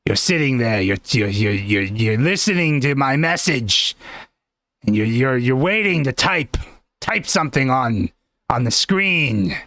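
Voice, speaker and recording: A man voicing a touchy, grandiose male fortune teller, making slow, solemn pronouncements and snapping commands in a comedy bit. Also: medium pitch, expressive, bright, forceful tone, no echo, clean studio sound. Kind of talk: comedic improv character.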